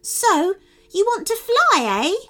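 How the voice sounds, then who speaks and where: A woman's voice: very high voice, big pitch swings, slow, fairly bright tone, faint music behind, voice pushed up, heavily acted. A woman voicing a cheerful, boastful male magic bunny in a storybook, chirpy and bouncy.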